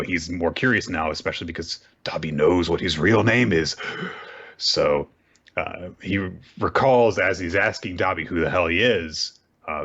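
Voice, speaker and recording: Low-voiced man recapping chapters casually. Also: highs cut off. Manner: animated storyteller who acts out quoted lines. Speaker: podcast co-host recapping manga. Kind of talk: casual chat.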